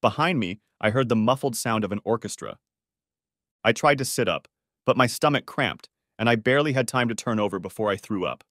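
A man's voice: medium pitch, lively intonation, a little fast, fairly bright tone, no room sound, clean studio sound. A man narrating a first-person story as an audiobook, reading it dramatically.

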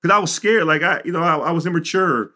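Bright-voiced, animated middle-aged man. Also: fairly high pitch, fast talker. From Chicago suburbs, US. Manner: animated storyteller, acts out quotes; frequent "you know" and "like". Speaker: podcast guest. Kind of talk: storytelling interview.

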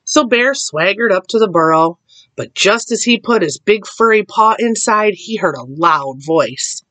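A woman reading a picture book aloud to children, slow and expressive, with little asides. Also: medium pitch, no room sound. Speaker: storyteller.

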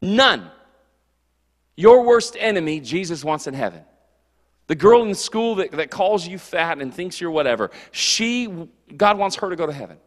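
Man, youth pastor, animated casual sermon, high voice, reverberant hall. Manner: animated, jokey, puts on quick character voices. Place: church hall.

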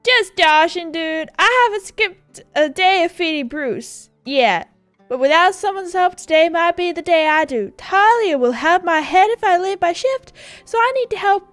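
A relaxed young surfer dude from a horse game chats in easy slang, as a woman reads him out. The voice sits high and punchy. The sound is dry and close. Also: normal speed, dry recording, faint music behind. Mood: pleading. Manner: breezy surfer slang, upbeat. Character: laid-back young male surfer dude.

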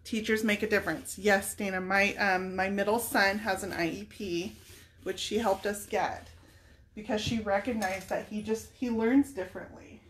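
A woman's voice: medium pitch, steady tone, moderate pace, a bit bright. A woman in her thirties or forties, a furniture-painting vlogger, thinking aloud in casual chat while she works on a piece, with a faint background hiss. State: tearful at times. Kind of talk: casual live painting demo.

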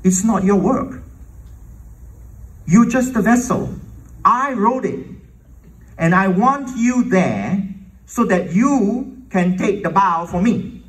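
A man's voice: high-pitched, expressive, takes it slowly, long pauses, recorded from a distance, pitched above the performer's own voice, poor audio. A man voicing God as a firm, insistent male voice while retelling a prayer. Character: commanding divine male voice of God.

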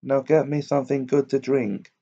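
A man's voice: mid-range voice, steady tone, moderate pace, dark tone, husky, muffled recording. A man reading a fairy tale aloud, voicing a bold, hungry soldier who speaks in a cheerful, defiant way.

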